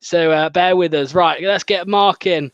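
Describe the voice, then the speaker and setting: A man's voice: high voice, unhurried, a bit bright, dry recording. A man hosting a fan channel's live stream in casual, chatty conversation, laughing often. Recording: dull lo-fi dry stream audio.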